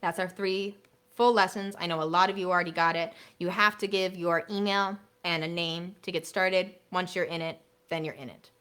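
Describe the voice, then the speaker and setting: A woman music teacher leading a live online workshop for other teachers, chatty and playful, dropping to a soft hushed voice to demonstrate classroom routines through a computer mic. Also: lowish voice, steady tone, normal speed, clear, resonant tone.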